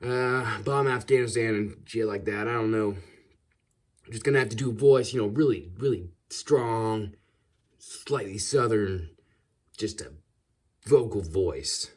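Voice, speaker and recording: An American man rambling casually in an ASMR-style monologue, drifting between put-on accents with some vocal fry. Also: lowish voice, normal speed, a little mellow.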